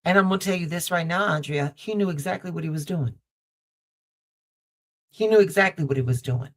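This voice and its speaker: A woman's voice: fairly low pitch, fairly quick. Woman tarot reader live-streaming from home, affectionate, emphatic repetition. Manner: affectionate, calls viewer baby and mama; repeats phrases for emphasis. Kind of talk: live-stream card reading. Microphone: basic streaming setup.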